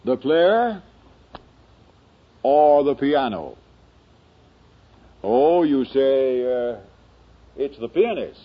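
Man, sermon, slow oratory, husky, dull old recording. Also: medium pitch, big pitch swings. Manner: slow, dramatic oratory with rising emphasis. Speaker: preacher.

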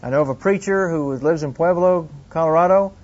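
Man, middle-aged, husky, slightly high voice, earnest teaching tone, dull lo-fi recording. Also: a little fast, darkish tone. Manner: earnest, anecdotal, plain-spoken. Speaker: Christian teacher. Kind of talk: teaching talk to a group.

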